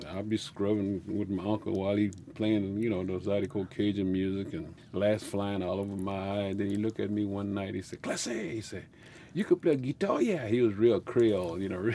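Older Louisiana man with a mellow voice. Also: lowish voice, level tone, moderate pace, few pauses, a little hiss or hum. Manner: rambling, laughs often, folksy speech. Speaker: musician. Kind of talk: storytelling interview.

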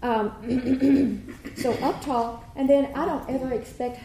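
A woman's voice: high voice, fairly even intonation, takes it slowly, noisy background. Woman choir teacher in an echoey room. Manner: demonstrates warm-ups, sings vowels. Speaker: children's choir director. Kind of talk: teacher workshop demonstration. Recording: echoey room with faint ambience.

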